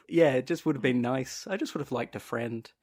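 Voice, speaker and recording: A man co-hosting a casual podcast, quick and self-deprecating, often laughing between jokes. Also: mid-range voice, a little mellow. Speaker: podcast co-host. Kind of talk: casual chat.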